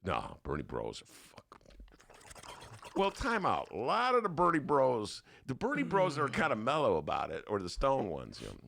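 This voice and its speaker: An older man, hosting a talk show, spins a comic monologue in a rough, gravelly voice. His pitch leaps up and down as he acts out the people in his stories. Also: moderate pace. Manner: animated storytelling with put-on voices. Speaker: podcast host. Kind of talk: casual comedic monologue.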